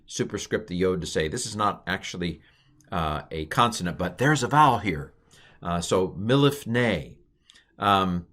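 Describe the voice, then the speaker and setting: A middle-aged man calmly explaining a language lesson in a recorded online course, with frequent ums and uhs. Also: sits low. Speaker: Hebrew teacher.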